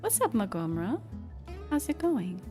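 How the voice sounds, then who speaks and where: A woman streamer chatting casually over a video game, with quick laughs and whispered asides. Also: medium pitch, big pitch swings, mellow, faint music behind. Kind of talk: casual gameplay commentary.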